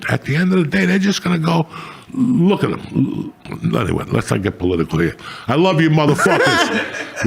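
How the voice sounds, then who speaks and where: A middle-aged man hosting a podcast, telling crude, rambling stories full of swearing. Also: mid-range voice. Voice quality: gravelly. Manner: profane, rambling, animated. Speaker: podcast host. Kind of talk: crude casual storytelling.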